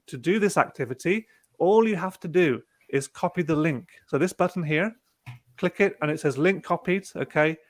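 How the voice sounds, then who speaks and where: In a casual webinar demo carried over a video call, a man with a slightly high voice walks through a teaching platform. He stays relaxed, explaining each click in turn and using fillers as he goes.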